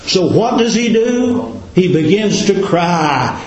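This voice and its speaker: A man's voice: high voice, expressive, takes it slowly, few pauses, darkish tone. A man preaching a sermon in a folksy, dramatic cadence, full of rhetorical questions. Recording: very echoey room.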